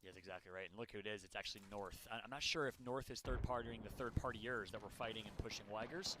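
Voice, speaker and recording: A man doing energetic play-by-play commentary as an esports caster, rising to shouts on eliminations. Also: lowish voice, fast talker, noisy background.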